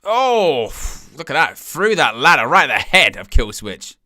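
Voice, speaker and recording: A man hosting a live wrestling watch-along, calling the action with excited gasps and exclamations. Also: a little high, unhurried, dry recording, studio quality. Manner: animated, exclaiming "oh" at each move. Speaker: wrestling live-stream host.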